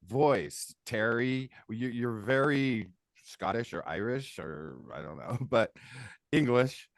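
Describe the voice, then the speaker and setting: An American man talking on a podcast in an easygoing, rambling way. He laughs along and restarts his sentences. His voice sits at a middle pitch in a dry, close recording. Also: slow, dry recording. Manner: loose, laughing, talks in restarts. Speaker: co-host reviewing songs. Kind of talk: casual chat.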